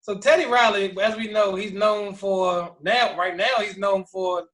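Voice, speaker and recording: A podcast co-host with a notably high voice chats loosely with friends. He tells stories with energy and slips into the voices of the people he quotes. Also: a little slow. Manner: animated storyteller acting out quoted voices. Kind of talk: casual chat.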